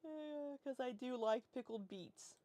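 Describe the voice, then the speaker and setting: A woman's voice: high-pitched, measured pace, warm tone, no echo. A woman in her forties chatting casually on a livestream, rambling as she reads and answers chat. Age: 40s. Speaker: livestream host.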